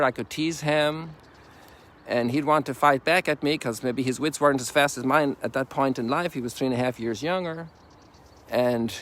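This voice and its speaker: An Irish priest in his sixties, his voice a little high and fairly bright, offers an informal, wandering reflection while out on a sunrise walk. He sprinkles in folksy asides as he goes.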